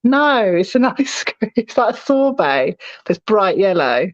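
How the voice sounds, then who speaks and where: A woman's voice: medium pitch, a little slow, dry recording, lo-fi sound. A woman with a London accent, co-hosting a casual chat and telling stories with lots of laughter. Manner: laughing, animated storytelling. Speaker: podcast co-host. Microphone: phone.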